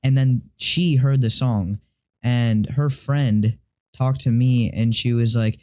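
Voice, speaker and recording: A teenage boy talks straight to camera in a mellow, relaxed-sounding voice of ordinary pitch. He rambles through his story with halting restarts, lots of fillers and casual swearing, sounding confused and frustrated. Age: teens. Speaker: vlogger.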